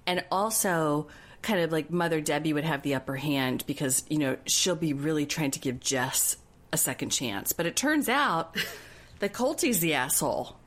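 Lady cohost, lowish voice that swings up and down, blunt and swears a lot. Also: moderate pace. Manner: animated, blunt, swears freely. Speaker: podcast co-host. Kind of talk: casual chat recapping a reality show.

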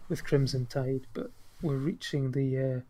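A man's voice: medium pitch, steady tone, a little slow, warm tone. A Scottish man co-hosting a podcast, chatting casually about films in a loose, rambling way full of fillers. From Scotland. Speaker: podcast co-host. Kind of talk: casual film chat.

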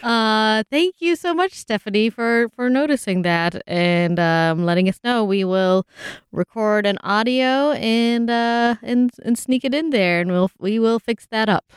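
A woman's voice: on the high side, lively intonation, unhurried, smooth, dry recording, studio quality. A woman co-hosting a trivia podcast in casual chat, laughing often between lines. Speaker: podcast co-host.

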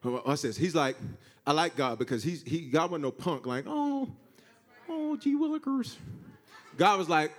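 A male pastor preaching a sermon, calling on the congregation to answer and touch their neighbor, swinging between shouts and hushed asides. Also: on the high side, moderate pace. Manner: animated, swings from shouting to hushed, acts out God's voice; call-and-response with congregation.

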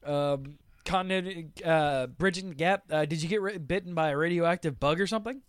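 A man's voice: a little high, normal speed, smooth, no echo. A man hosting a casual podcast, reviewing a TV show with laughter and exasperated, swearing rants. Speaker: podcast host.

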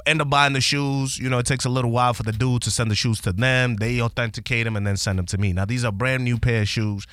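A man hosting a podcast, animated and profane as he retells a story in casual slang. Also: medium pitch, quick pace, no echo.

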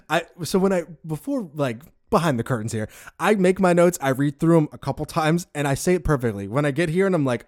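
A man's voice: on the high side, animated, brisk, few pauses, a little mellow, no room sound, studio quality. A man hosting a casual podcast chat. He laughs often and trips over big words as he explains what he has read. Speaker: podcast host.

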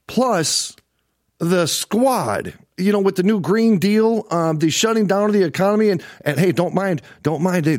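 A man's voice: high voice, dry recording, studio quality. A middle-aged man hosting a livestream political show, ranting angrily, swearing and repeating himself for emphasis. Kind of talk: angry livestream political rant.

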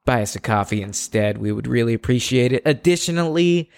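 A man hosts a casual podcast in a gravelly, fry-laden voice. His pitch sits in a middle range. He is upbeat and jokey, as if plugging the show to friends. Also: lively intonation, brisk. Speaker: podcast co-host.

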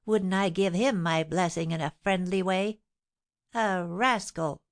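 A woman voicing a shrill, vindictive middle-aged porter's wife who screams and scolds. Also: measured pace. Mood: shrill scolding.

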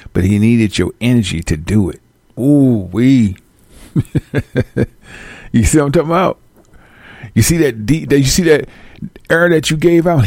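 A man giving casual, profane life advice to his viewers, acting out both sides of phone calls in slangy, animated bits. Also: mid-range voice, dry recording, clean studio sound. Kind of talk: casual direct-to-camera rant.

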